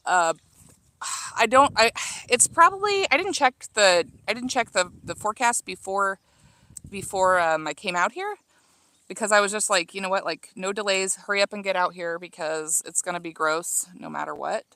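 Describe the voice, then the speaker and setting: A woman in her thirties from Illinois chats with viewers as she trims her garden herbs, rambling along with plenty of ums and restarts. Her voice sits at a medium pitch. The sound is dry and close, with no room echo. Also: animated, moderate pace, bright, forceful tone. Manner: chatty, reading out viewer comments, many fillers and restarts. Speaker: livestream gardening host. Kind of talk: casual livestream chat while gardening. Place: outdoor home garden.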